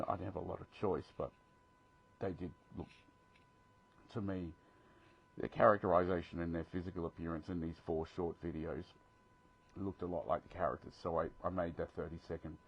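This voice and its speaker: A man's voice: sits low, gravelly, highs cut off, a little hiss or hum. A middle-aged Australian man, an author, chatting casually in a live Q&A, reading questions aloud and joking about himself. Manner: chatty, reads questions aloud, self-deprecating. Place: home, live video stream.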